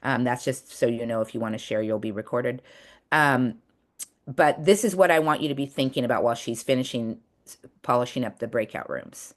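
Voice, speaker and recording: A woman's voice: rumbling low, fairly quick. A woman coach giving a casual, earnest talk over a video call, speaking in a chatty way with many restarts. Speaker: coach and webinar presenter.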